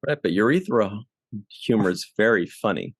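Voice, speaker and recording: A man's voice: on the low side, expressive, moderate pace, dry recording, studio quality. A man hosting a casual podcast, asking questions and teasing his guests. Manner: joking, teasing. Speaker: podcast host.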